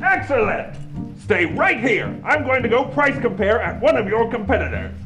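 A man's voice: very high-pitched, big pitch swings, moderate pace, roomy sound, over music, low-quality recording. A man voicing a pompous, theatrical male alien drummer in an educational puppet comedy. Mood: haughty. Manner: grandly theatrical, fussy.

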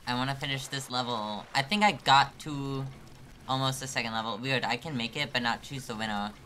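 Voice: mid-range voice, a little fast, pushed and bright, a little hiss or hum. A live streamer commenting on a hard climbing game, exasperated and self-mocking, joking about being about to cry.

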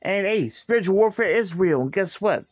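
A man's voice: high-pitched, animated, moderate pace, no room sound, studio quality. A man in an aggrieved, repetitive rant, recorded on a phone. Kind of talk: angry rant to camera.

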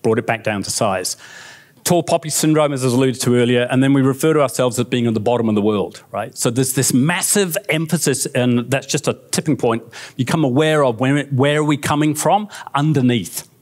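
A man with a New Zealand accent giving a lively, conversational keynote talk on stage, often checking in with the audience. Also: medium pitch, fairly quick. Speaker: conference speaker. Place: conference stage.

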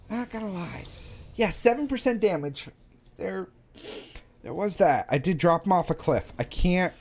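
Animated, sarcastic gamer man. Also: sits high, normal speed, a little hiss or hum. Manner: animated, sarcastic, swears a lot. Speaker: gaming video host. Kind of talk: casual let's-play commentary.

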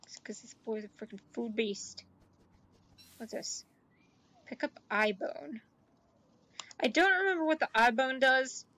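High-voiced woman narrating her gameplay. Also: measured pace, pauses often. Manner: chatty, talks to game characters, gushes excitedly. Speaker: gaming YouTuber. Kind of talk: let's play commentary.

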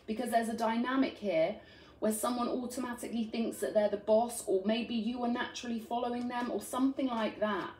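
A woman reads tarot cards in a tender, earnest way and keeps checking in with the listener. Her voice sits a little high for a woman. The room gives her a noticeable echo. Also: fairly even intonation, fairly quick, a little mellow, a little hiss or hum. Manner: earnest and affectionate, frequent "right?" tag questions. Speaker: tarot reader. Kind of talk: spiritual tarot reading to camera. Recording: roomy echo.

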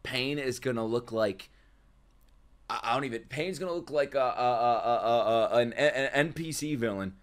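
A man streaming excited reactions to an anime, loud and exclamatory, swearing and breaking into laughter. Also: mid-range voice, moderate pace. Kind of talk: excited live reaction commentary.

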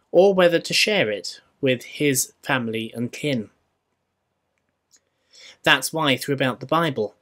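A man with a Scottish accent preaching a sermon in church, measured and rhetorical, with dry humour. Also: mid-range voice, a bit bright. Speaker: minister.

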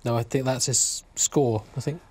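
A man working as a radio co-host, dry and deadpan in his replies. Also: mid-range voice, moderate pace, a little hiss or hum. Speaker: radio sidekick.

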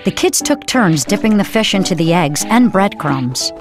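A woman reading a scripted children's story aloud as narrator, in a warm, even storytelling way. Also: mid-range voice, moderate pace, over music.

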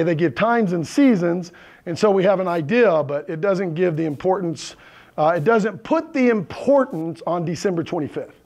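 A man's voice: fairly high pitch, a little mellow. A male pastor preaching a conversational sermon to his congregation, often checking in with "right?" and "okay?". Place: church sanctuary with congregation.

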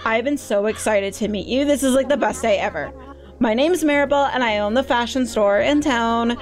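A woman voicing a bubbly young female fashion shop owner in a cozy game, gushing and quick with compliments. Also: a little high, soft background music, voice pushed up, lightly acted. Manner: gushing, fast, flattering.

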